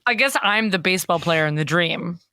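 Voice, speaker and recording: Bright-voiced joking woman co-host. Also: lowish voice, clean tone, dry recording, clean studio sound. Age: 30s. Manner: quick-witted, joking, mock-offended. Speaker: podcast co-host. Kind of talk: casual comedic chat.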